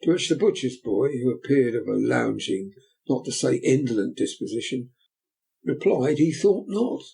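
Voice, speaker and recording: A man reads a classic novel aloud in measured, dramatic audiobook narration. His voice is dark and mellow with a gravelly, husky texture. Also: medium pitch, lively intonation, low-quality recording.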